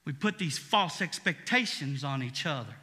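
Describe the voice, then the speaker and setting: A male pastor preaching a sermon, swinging from quiet, intimate passages to shouted praise. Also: a little high, lively intonation, normal speed, long reverb tail.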